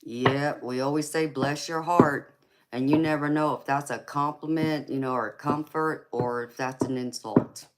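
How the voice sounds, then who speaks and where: A woman's voice: a bass voice, fairly even intonation, moderate pace, hardly any pauses. A woman with a Southern US accent hosting a casual live stream, laughing often and calling her viewers baby and honey. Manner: laid-back, giggly, calls viewers baby and honey. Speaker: tarot reader and livestream host.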